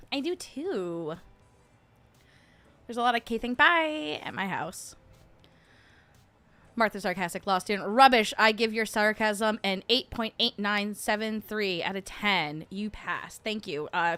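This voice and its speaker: A woman's voice: mid-range voice, lively intonation, measured pace, a bit bright. Sarcastic New woman streamer. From New Jersey. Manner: sarcastic, chatty, laughs often. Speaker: livestream host. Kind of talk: casual livestream chat. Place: at home.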